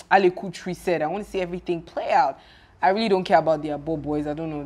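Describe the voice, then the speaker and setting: A young woman, casually chatting and recapping a TV series in an animated, exclaiming way. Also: lowish voice. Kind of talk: casual chat.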